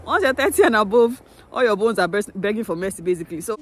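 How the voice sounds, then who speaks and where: Out on snowy winter streets, a vlogger in her 30s talks to her viewers through a phone, laughing a lot. She speaks in a mid-range voice, very animated and a little fast.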